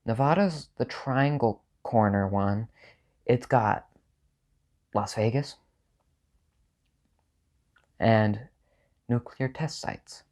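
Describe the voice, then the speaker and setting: A man hosting a casual comedic video, talking in a dry, offhand, mock-opinionated way with sudden jumps in pitch. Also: very slow, long pauses, darkish tone. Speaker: video host ranking states. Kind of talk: casual, deadpan comedic monologue.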